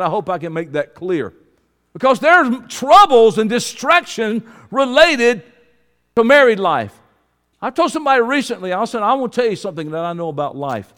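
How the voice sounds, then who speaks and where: A man's voice: high-pitched, a bit bright. A man preaching a sermon to his congregation with a Southern Georgia accent, folksy and calling out to the room. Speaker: pastor. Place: church hall. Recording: preaching in a reverberant hall.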